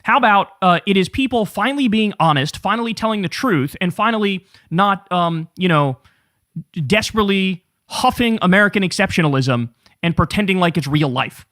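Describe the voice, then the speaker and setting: A man's voice: high-pitched, fairly quick. A man in his thirties hosting a casual political commentary show, ranting with sarcasm and plenty of swearing. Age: 30s. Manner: profane, animated, sarcastic ranting.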